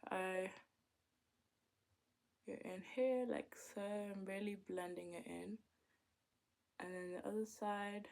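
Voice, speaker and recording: A young woman giving a makeup tutorial at home, chatty, murmuring quietly as she applies products and breaking into loud, excited exclamations. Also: mid-range voice, creaky. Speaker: makeup vlogger.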